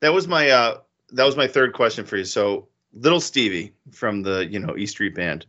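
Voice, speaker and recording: Animated, swearing male podcast co-host. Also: lowish voice, normal speed, lo-fi sound. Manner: animated storyteller, swears, acts out quotes. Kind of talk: casual podcast chat.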